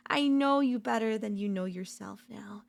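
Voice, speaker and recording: A woman voicing a possessive, doting yandere girlfriend in a whispered role-play, talking softly and slowly at a close mic. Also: mid-range voice, gravelly. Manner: soft, possessive, doting, slow and lingering. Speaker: voice actor.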